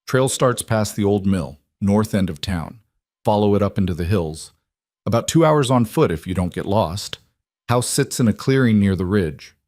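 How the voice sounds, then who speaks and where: A man's voice: lowish voice, lively intonation, normal speed, a little mellow, no echo, studio quality, lightly acted. A man voicing a thin, cautious store clerk who speaks in a warning tone. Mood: wary.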